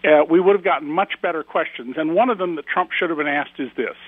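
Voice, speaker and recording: A man's voice: a little high, fast talker, no room sound. A man, a guest author giving emphatic, indignant commentary in a radio interview over a phone line.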